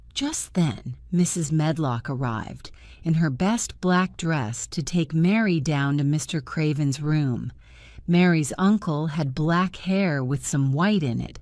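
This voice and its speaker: Woman, story narrator, calm, slow, low pitch, dry sound. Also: no room sound. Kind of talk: slow graded reader narration for learners.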